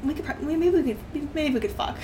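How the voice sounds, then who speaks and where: A woman's voice: high-pitched, a little fast, a crowd in the background. A woman being interviewed on a podcast, speaking frankly and casually with frequent laughs. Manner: frank, laughs often, fillers like "like". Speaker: podcast guest.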